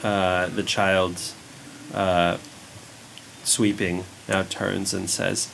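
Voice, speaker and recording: A man narrating a tabletop role-play as game master, slow and halting. His voice is low and gravelly. A faint hiss runs under the recording. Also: flat delivery, fairly bright tone, low-quality recording.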